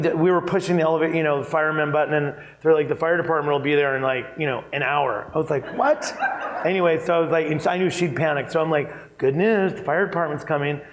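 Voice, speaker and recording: A man speaking as a keynote guest in an on-stage interview, telling anecdotes in a chatty, animated way with frequent fillers and laughter. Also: a little high, racing, few pauses, rough recording. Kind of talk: conversational storytelling on stage.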